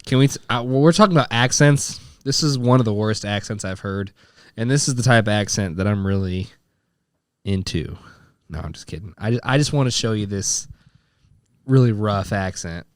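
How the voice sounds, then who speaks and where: A young man co-hosting a podcast, talking in a relaxed, offhand way. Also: fairly low pitch, normal speed, no room sound, clean studio sound. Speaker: podcast co-host. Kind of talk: casual chat.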